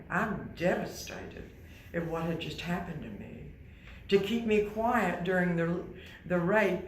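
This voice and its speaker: An older woman giving a quiet, measured personal testimony as guest speaker at a university. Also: lowish voice, reverberant, slight background noise, poor audio. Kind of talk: personal testimony to a live audience. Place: university hall.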